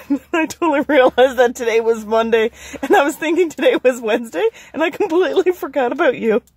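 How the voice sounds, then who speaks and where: A woman's voice: high voice, a little fast, husky, no echo. A woman, chatting casually to the camera in a vlog and laughing often. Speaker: vlogger.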